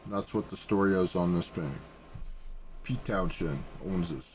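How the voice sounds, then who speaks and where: A man's voice: low-pitched, normal speed, background noise. A man, an artist, casually telling a story for his vlog in a rambling way. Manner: rambling, casual, with restarts and fillers.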